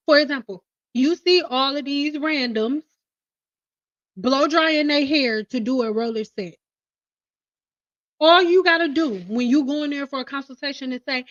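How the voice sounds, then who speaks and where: A woman's voice: sits high, normal speed, no echo. A woman hosting a casual hairstylist livestream, blunt and teasing, laughing often. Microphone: livestream mic. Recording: slightly dull livestream audio.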